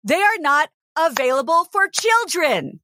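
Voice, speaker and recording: A woman co-hosting a casual podcast, telling stories and playing out each side of a conversation. Her voice sits fairly high and swings widely. The sound is dry and close. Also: measured pace, dry recording. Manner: animated storytelling, acting out both sides of exchanges. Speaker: podcast co-host. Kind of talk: casual chat.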